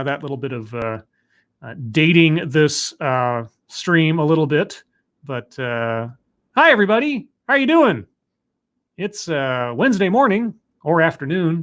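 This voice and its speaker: A man hosting a live stream, chatting casually, joking at his own expense and pausing on lots of fillers. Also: medium pitch, a bit bright. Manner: chatty, self-deprecating, filler-heavy. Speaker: livestream host.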